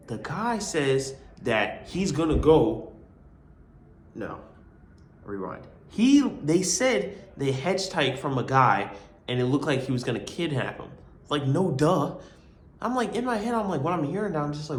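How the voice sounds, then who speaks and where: A man's voice: medium pitch, animated, unhurried, echoey room. A young man vlogging as a college student, telling a long story in a rambling, slangy way, with lots of asides and "you know what I mean". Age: young adult. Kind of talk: casual storytelling.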